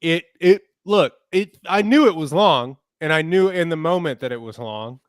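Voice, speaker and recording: A podcast co-host in casual film review chat, agreeable and joking in a relaxed way. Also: male voice, fairly high pitch, normal speed, no echo, clean studio sound.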